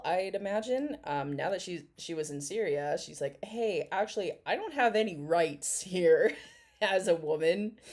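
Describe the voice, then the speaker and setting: Low-voiced woman giving candid commentary. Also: darkish tone. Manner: candid and opinionated, hedging with fillers. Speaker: commentary vlogger. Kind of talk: casual commentary chat.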